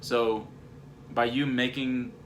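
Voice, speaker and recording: A man's voice: medium pitch, flat delivery, takes it slowly, a bit bright, a little hiss or hum. A man co-hosting a parenting video at home, explaining communication scenarios step by step in a casual teaching chat.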